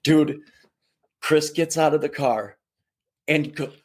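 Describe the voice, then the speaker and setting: Male podcast guest, casual storyteller, slightly high pitch, acts out the people he talks about. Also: measured pace. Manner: animated, does voices of people in his stories.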